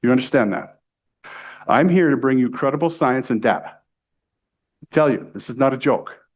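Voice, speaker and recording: A middle-aged man from the United States giving a live sales training to a room, energetic and pushy, often checking in with the audience. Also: medium pitch, normal speed. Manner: energetic, salesy, keeps asking "right?".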